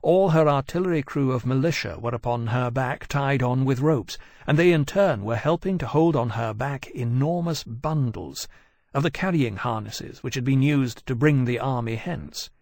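A man reads a novel aloud in a measured, even storytelling manner. His voice sits at a middling pitch. The recording is close and dry, with no room sound. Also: dry recording. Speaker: audiobook narrator. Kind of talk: scripted narration.

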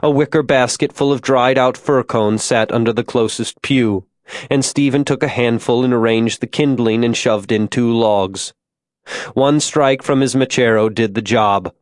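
A man narrating a story in a measured, grave storytelling manner. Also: mid-range voice, no echo. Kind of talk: scripted audiobook narration.

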